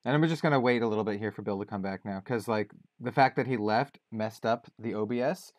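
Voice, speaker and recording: A man's voice: lowish voice, a little fast, no echo, clean studio sound. An American man hosting a podcast in easygoing, chatty conversation. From United States. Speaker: podcast host. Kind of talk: casual chat.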